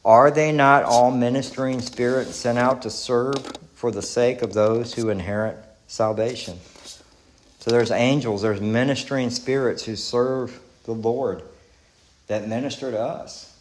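A male pastor with a Texan accent delivers an earnest, conversational sermon. His voice sits at an ordinary middle pitch, and he restarts phrases and repeats his questions. The sound is roomy, as in a church sanctuary. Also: fairly even intonation, a little slow, a little hiss or hum.

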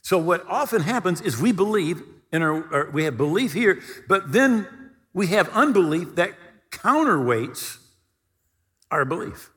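Male pastor, sermon delivery, dramatizes quotes, slightly raised pitch, long reverb tail. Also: very animated, a little slow, a bit bright. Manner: preaching with dramatic retellings of scripture quotes.

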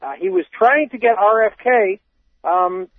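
High-voiced co-host on a tinny line. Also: male voice, measured pace, no room sound. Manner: wry, reads quotes aloud with many ums. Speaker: radio co-host. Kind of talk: reading news items on talk radio. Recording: tinny phone-like radio sound, dry.

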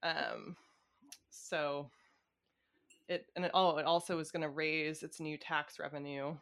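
A woman's voice: low-pitched, little pitch movement, unhurried, a bit bright. A woman talking politics in a casual chat, swearing freely and laughing often.

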